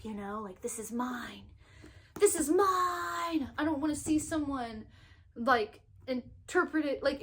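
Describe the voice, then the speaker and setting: A young woman rambling excitedly in a casual book review vlog, recorded on her phone. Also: sits high. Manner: excitable, gushing, talks in quick bursts with restarts. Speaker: book vlogger. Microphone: phone microphone.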